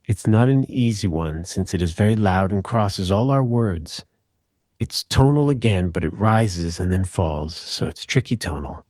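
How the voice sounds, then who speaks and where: A man calmly and methodically walking through an audio repair tutorial in voice-over. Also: deep voice, unhurried, dry recording, studio quality. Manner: calm, methodical explaining. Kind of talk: screen-recorded software tutorial.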